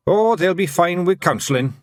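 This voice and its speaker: A man voicing a small, fierce male pixie chieftain, brusque and gruff, often yelling. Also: sits high, animated, normal speed, dry recording, studio quality, voice pushed up.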